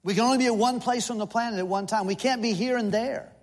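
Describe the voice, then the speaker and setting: Speaking fast with a steady tone and a very high voice, a sixty-something visiting missionary preaches in a church sanctuary that sounds like a large hall. He keeps it folksy and humorous, with lists and playful asides.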